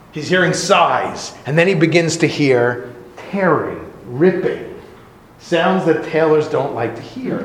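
Animated male preacher in an echoey room. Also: high-pitched. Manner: animated, conversational storyteller. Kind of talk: sermon with a storytelling parable. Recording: very echoey room, faint noise.

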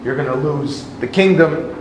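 High-voiced man telling a dramatic story. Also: moderate pace, a little mellow, reverberant, slight background noise, poor audio. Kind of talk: storytelling talk.

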